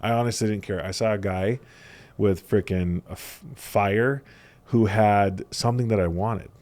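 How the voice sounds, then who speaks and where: A young man with a somewhat low voice tells stories in a relaxed conversation. He gets animated, laughing and acting out the lines of the people he talks about. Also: unhurried. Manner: animated storyteller, laughs often, acts out quotes. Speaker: podcast guest, salesman. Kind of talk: casual storytelling chat.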